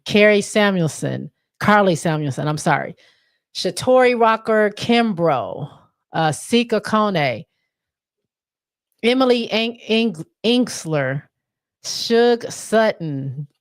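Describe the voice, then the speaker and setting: A woman hosting a casual sports livestream, reading viewer comments aloud and laughing as she stumbles over names. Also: mid-range voice. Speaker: livestream host.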